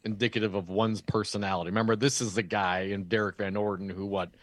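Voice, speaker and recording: A man's voice: on the low side, steady tone, fast talker, no room sound. A man co-hosting a political talk radio show, bantering and laughing easily.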